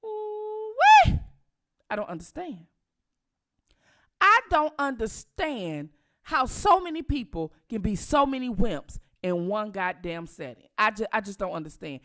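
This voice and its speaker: A woman from Detroit, speaking with a Detroit accent, hosts a casual commentary channel. Her mid-range voice is very animated, bright and forceful yet unhurried, and she sounds emphatic and outraged, repeating herself for effect.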